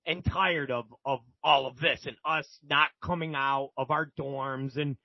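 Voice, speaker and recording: A man quoting a seasoned male prison inmate who calmly explains how things go. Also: mid-range voice, unhurried, gravelly, no room sound, muffled recording, voice pushed down. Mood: explaining.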